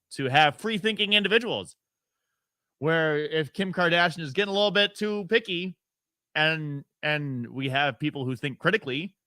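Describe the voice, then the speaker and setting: A man's voice: on the high side, pushed and bright, no echo. A man from upstate New York hosting a radio talk show, opinionated and rambling, with fillers and sarcastic asides. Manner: mocks others by putting on their voices. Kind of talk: casual call-in talk radio.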